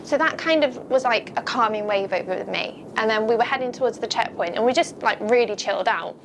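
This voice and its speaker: A woman's voice: fairly high pitch, brisk, noisy background. A young adult woman, an ultramarathon runner, recalling her race in a candid, chatty documentary interview full of "like" and "um".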